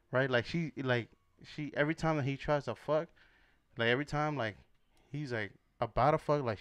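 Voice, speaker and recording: A man's voice: medium pitch, clear, resonant tone, dry recording. A young man co-hosting a podcast, telling a crude story in casual chat, acting out voices and laughing often. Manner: animated, profane, laughs often, acts out voices. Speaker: podcast co-host.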